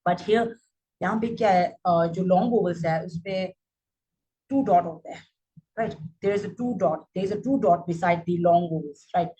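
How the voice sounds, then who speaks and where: A woman's voice: fairly low pitch, fast, warm tone, highs cut off. A woman, teaching English phonetics. She repeats example words and often checks in with "right?". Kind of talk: phonetics lesson.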